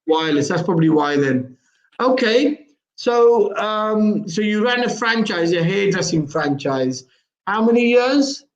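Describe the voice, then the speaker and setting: A man's voice: high voice, expressive, measured pace, muffled recording. A male radio host interviewing a caller, pressing with repeated questions. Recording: roomy studio echo.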